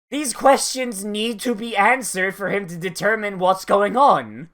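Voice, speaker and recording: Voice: medium pitch, measured pace, few pauses, a bit bright. A YouTuber giving casual, sarcastic commentary while watching an anime, swearing often and trailing off mid-sentence.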